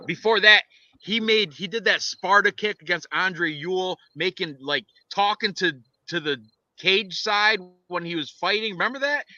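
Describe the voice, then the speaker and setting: A man talks through his fight picks in a loose, excitable ramble, full of restarts and asides. His voice is strikingly bright and sits a little high. The recording is dry and a touch dull. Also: dry recording. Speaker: podcast co-host and fight picker. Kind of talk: casual fight-picks chat.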